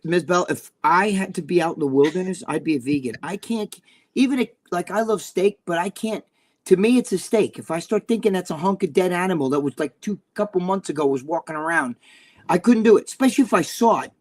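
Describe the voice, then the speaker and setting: A man's voice: high-pitched, expressive, brisk. An older man with a New Jersey accent, telling rambling, crude stories in a casual chat and swearing often. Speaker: podcast co-host.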